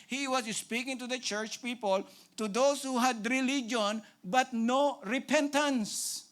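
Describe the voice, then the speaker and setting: A male pastor with a Filipino accent preaching a sermon, emphatic and repetitive, often asking "right?" and dropping to a hushed, pleading tone. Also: very high voice, a little slow. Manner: emphatic, repeats phrases, asks "right?" often; shifts between loud preaching and hushed pleading.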